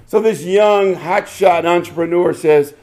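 Older man, pastor, high-pitched, animated storyteller in a sermon. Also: a little slow. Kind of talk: sermon with a told joke.

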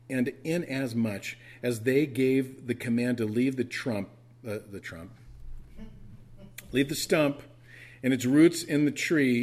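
Husky-voiced man preaching earnestly. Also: medium pitch, a little mellow. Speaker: pastor. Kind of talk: sermon. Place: church.

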